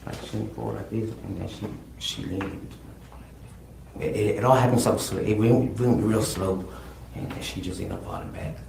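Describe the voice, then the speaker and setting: A man giving halting courtroom testimony, repeating words and often saying "man". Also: fairly low pitch, fairly even intonation, gravelly. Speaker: defendant testifying. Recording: echoey courtroom with noise.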